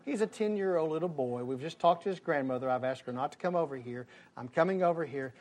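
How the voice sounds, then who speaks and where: A man's voice: on the high side, fast. A man telling a personal story to an audience, acting out the people in it. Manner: animated, acts out the people in his story.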